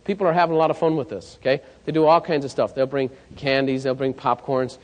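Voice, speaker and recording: A man with a mid-range voice speaks fast while presenting a live sales coaching seminar. He tells stories in a lively way and checks in with the audience, with long hall reverb on the recording.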